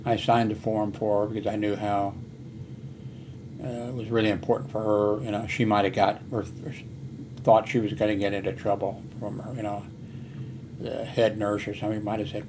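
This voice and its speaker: A man's voice: fairly low pitch, little pitch movement, moderate pace, background noise. Older man telling a rambling story. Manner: meandering, many fillers and restarts. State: hard of hearing. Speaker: vlogger.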